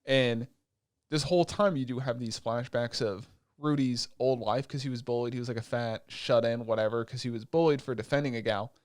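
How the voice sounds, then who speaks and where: A man's voice: mid-range voice, fairly quick, no echo, studio quality. A man co-hosting a podcast, casually recapping an anime with lots of swearing, acting out the characters' lines as he goes. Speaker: podcast co-host.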